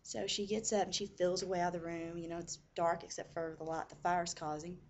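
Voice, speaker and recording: Woman storyteller, lowish voice, chatty, full of asides. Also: little pitch movement, brisk, slight background noise. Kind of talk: casual spoken storytelling.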